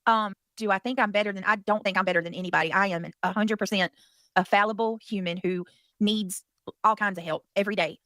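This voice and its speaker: A woman's voice: medium pitch, steady tone, fast talker, bright, forceful tone, dry recording. A woman with a Southern US accent hosting a casual livestream, rambling and chatty as she thanks viewers and curses now and then. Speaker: livestream host.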